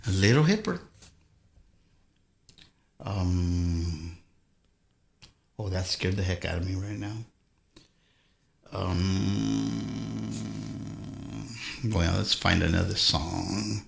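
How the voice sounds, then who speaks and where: Between songs on his live music stream, a man chats casually with viewers in a rambling, easygoing way, often interrupting himself. His voice sits low, with little pitch movement, and is very slow and gravelly, with long pauses. The roomy recording has slight background noise and acoustic guitar behind him.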